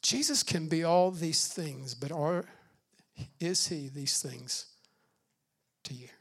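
High-voiced preaching pastor. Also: male voice, slightly rough. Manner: preaching with swings from loud emphasis to hushed, slow delivery; calls out "Amen" between points. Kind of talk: sermon.

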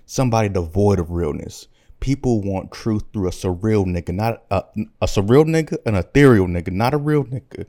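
A man's voice: fairly low pitch, expressive, a little fast, dark tone, lightly acted. A man voicing a brash, street-talking comic dictator with loose slangy delivery. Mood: boastful.

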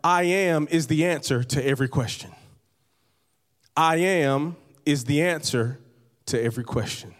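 A man's voice: a little high, measured pace. Preaching man in an echoey hall. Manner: conversational preaching with repeated phrases and humor. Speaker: pastor. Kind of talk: sermon. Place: church hall. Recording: long reverb of a large hall.

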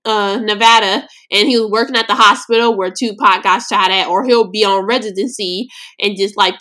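A woman's voice: medium pitch, sharp tone. A young woman from Los Angeles hosting a podcast, telling a personal story in a blunt, slangy, emotional way. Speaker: podcast host.

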